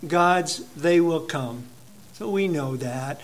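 A male pastor preaching a sermon in a conversational, halting way, telling a personal story to his congregation. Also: a little high, animated.

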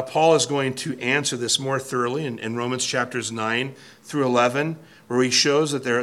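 Standing at a church pulpit, this male pastor delivers an expository sermon in a mid-range, fairly bright voice. His delivery is earnest and forceful, with frequent restarts and repeated words.

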